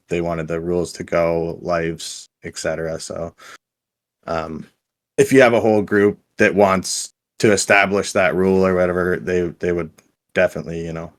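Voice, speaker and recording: A man chatting as a podcast guest, telling stories with lots of ums and restarts. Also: low-pitched. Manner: hesitant, filler-heavy storytelling. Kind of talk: casual chat.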